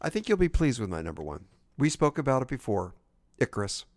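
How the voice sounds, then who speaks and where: A man co-hosting a podcast, chatting casually and prompting his co-host with short questions and quick agreement. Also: mid-range voice, very animated, dry recording, clean studio sound. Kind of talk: casual chat about movies.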